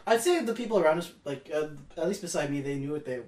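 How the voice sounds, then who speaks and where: A man's voice: on the high side, animated, quick pace, a little mellow, roomy sound. A man in casual chat about movies and games, rambling with restarts and acting out quotes.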